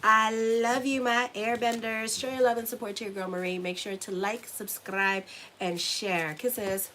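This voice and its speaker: A woman's voice: mid-range voice, flat delivery, normal speed, noisy background. A woman giving a casual tarot reading to her viewers, rambling and chatty, often ending lines with "okay?". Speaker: tarot reader and astrologer.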